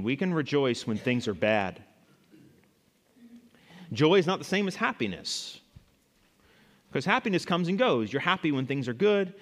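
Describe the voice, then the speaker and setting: A male pastor delivers a sermon in a church with a long reverberant tail. His voice sits a touch high, and he climbs louder and higher whenever he reads scripture, stumbling and repeating words as he talks. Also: big pitch swings, measured pace, pauses often. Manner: rises loud and high when quoting scripture, repeats words.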